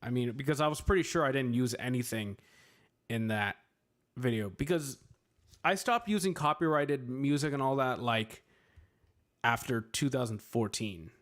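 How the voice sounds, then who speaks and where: On a casual stream, a man with a mid-range, fairly bright voice answers viewer questions at normal speed. He rambles with plenty of fillers, staying playful and self-deprecating.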